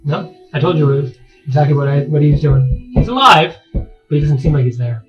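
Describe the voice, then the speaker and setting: Rambling game master, slightly high voice. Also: male voice, brisk, lo-fi sound, faint music behind. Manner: rambling, full of fillers and restarts as he describes the scene. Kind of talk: narrating a tabletop game.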